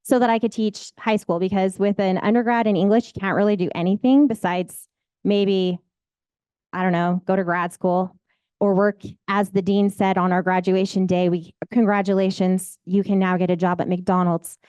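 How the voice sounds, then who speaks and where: A woman's voice: mid-range voice, fairly even intonation, moderate pace, darkish tone, clear, resonant tone, dry recording. A woman, a real estate agent telling her own story in a candid, rambling, emotional way. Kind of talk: personal storytelling.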